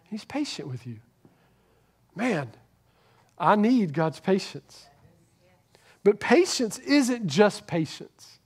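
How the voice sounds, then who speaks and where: High-voiced pastor preaching a sermon. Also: male voice, very animated, slow pace, long pauses, slightly rough. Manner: earnest, swings from loud emphasis to hushed near-whisper. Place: church.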